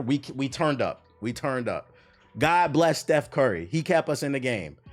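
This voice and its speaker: A young man streaming live, ranting in a heated, profane and emphatic way, with faint music behind him. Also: on the high side. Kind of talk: animated live-stream rant.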